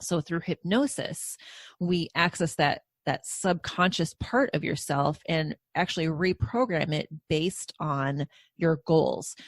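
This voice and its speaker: Low-voiced woman explaining calmly. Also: no echo. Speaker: hypnosis practitioner. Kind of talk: podcast interview.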